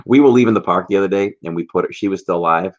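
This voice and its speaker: A man co-hosting a casual livestream, telling teasing stories and laughing often. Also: deep voice. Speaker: livestream co-host. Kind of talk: casual chat. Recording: dull lo-fi stream audio.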